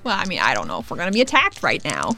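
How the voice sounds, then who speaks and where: A woman playing a tabletop role-playing game, reacting quickly and joking with the game master. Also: low-pitched, huge pitch swings, vocal fry, sharp tone, faint music behind. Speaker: player. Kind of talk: casual tabletop play.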